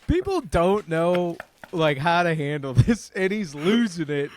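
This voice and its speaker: A man, a comedian and podcast co-host, telling a profane story in lively casual chat. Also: a little high, a little slow. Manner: animated, profane, acts out other people's lines.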